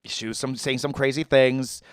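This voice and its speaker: A man co-hosting a comedy podcast, telling animated, swear-filled stories and mimicking his mother. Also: mid-range voice, moderate pace, clear, resonant tone, no room sound, studio quality. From United States. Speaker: podcast co-host. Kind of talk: casual comedic chat.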